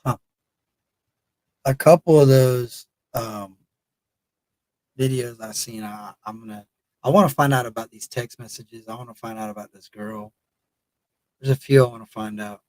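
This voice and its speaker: A laid-back man with a drawl hosts a late-night live stream and rambles casually to his viewers. He sounds tired and talks at an easy mid pitch. His voice is close and dry, with no room sound around it. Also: moderate pace, pauses often, a little mellow, dry recording, poor audio. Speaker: host.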